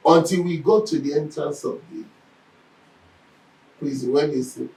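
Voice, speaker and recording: A man leads a Bible lesson, his voice a little high for a man. He tells stories with lively energy, slipping into the voices of the people he quotes. He sits some way from the mic in an echoey room. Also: moderate pace, distant mic. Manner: animated storytelling, acts out quoted speech. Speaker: Bible teacher.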